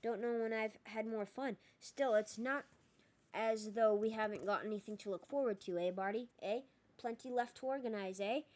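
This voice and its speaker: A jovial man rattles on in a bright, cheerful way, light and slightly raised in pitch, as a woman reads him aloud. He is chatty and breezy, in a storybook reading. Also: normal speed, close to an everyday voice. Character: cheerful breezy male sports official.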